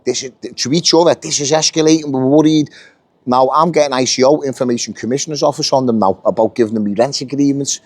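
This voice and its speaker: A middle-aged British man tells a long workplace story in blunt, swear-heavy chat, slipping into the voices of the people he quotes. His voice sits at an ordinary middle pitch. The recording is dry and close, with no room sound. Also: a little mellow, no echo. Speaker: union member telling his story. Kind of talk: casual storytelling.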